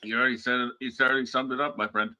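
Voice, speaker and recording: A man co-hosting a wrestling podcast, chatting in a relaxed, halting way with lots of fillers. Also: mid-range voice, muffled recording. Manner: relaxed, halting, many fillers, laughs along. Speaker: podcast co-host. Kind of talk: casual wrestling chat.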